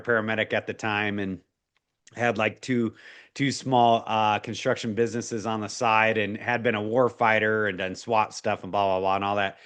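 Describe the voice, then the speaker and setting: A man in his forties, appearing as an interview guest, tells a personal faith story earnestly and emotionally, full of restarts and fillers. His voice is on the low side with a fairly bright tone.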